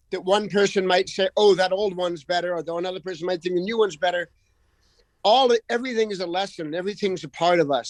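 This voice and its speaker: A man's voice: sits high, dry recording, rough recording. A man guest on a radio show, talking earnestly and passionately, piling phrase upon phrase. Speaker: musician guest. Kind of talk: casual radio interview. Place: radio studio. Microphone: studio microphone.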